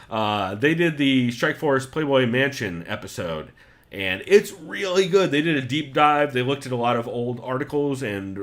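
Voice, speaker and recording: A man co-hosting a podcast in casual, animated chat, cursing freely and jumping in with questions. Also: mid-range voice. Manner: animated, swears freely, quick interjections. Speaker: podcast co-host.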